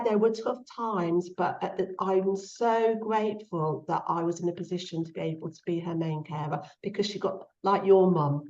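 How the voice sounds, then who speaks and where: A middle-aged woman speaking casually and heartfelt as a guest, her voice rising when she quotes others. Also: on the low side. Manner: soft-spoken and heartfelt, lifts her voice when quoting. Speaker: guest author. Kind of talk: casual conversational interview. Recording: echoey, slightly dull sound.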